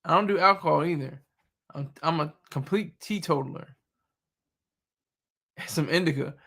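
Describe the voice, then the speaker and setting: Young male streamer, bright gravelly voice, loose joking delivery, laughs a lot. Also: fairly high pitch, moderate pace. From Delaware. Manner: joking, laughs often, rambling. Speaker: livestream host. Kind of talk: casual live chat.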